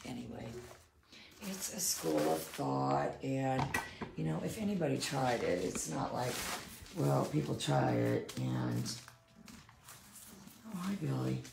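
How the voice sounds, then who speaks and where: Super low gravelly woman rambling about dog training on a stream, echoey room. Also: takes it slowly, long pauses. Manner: rambling, animated, acts out quoted voices. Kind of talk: casual livestream chat. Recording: echoey room with background noise.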